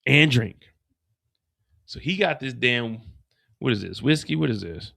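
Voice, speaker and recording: A man hosting a live stream, recapping a TV episode in a casual, profane, animated way. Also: medium pitch, moderate pace, vocal fry.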